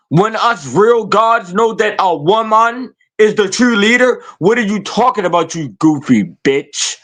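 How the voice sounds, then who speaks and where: A man's voice: high voice, a bit bright. A man hosting a podcast, ranting in a profane, taunting way and firing rhetorical questions at his listeners. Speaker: podcast host. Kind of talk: confrontational rant.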